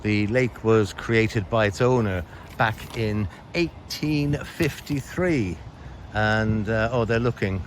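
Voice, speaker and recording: Bloke doing a chatty walk round a park, jokey asides, bit of traffic hum behind. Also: male voice, fairly low pitch, measured pace. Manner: jokey, rambling, asides to viewers. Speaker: walking tour vlogger. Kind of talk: chatty walking commentary. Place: outdoors in a town park.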